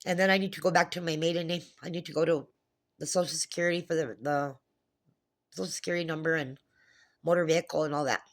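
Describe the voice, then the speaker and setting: A woman's voice: sits low, fairly even intonation, fast. A woman talking to camera in an agitated, profane monologue, retelling a phone call with many restarts. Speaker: vlogger. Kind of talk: casual monologue.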